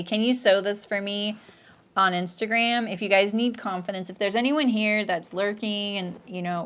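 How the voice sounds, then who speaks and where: Chatty woman hosting a live sewing stream. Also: fairly bright tone. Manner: chatty and joking, lots of restarts, often drops into a low aside. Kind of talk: casual live-stream chat, reading comments aloud.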